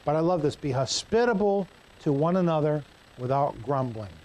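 A man's voice: fairly high pitch, expressive, normal speed, darkish tone, low-quality recording. A male pastor preaching a sermon in a church, conversational and joking with the congregation.

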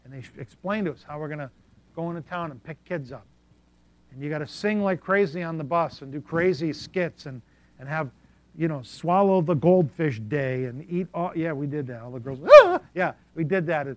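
Animated male preacher telling stories. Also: a little high, normal speed. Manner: animated, swings between soft asides and loud bursts. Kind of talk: sermon storytelling.

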